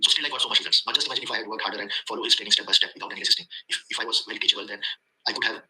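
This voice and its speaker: A man with an Indian accent rushes through a casual testimonial, his voice bright and tense and set a little low. He rambles and circles back to the same points, with plenty of hesitations along the way. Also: fairly even intonation, poor audio. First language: not English. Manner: rambling, repeats himself, many fillers. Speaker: student giving a testimonial.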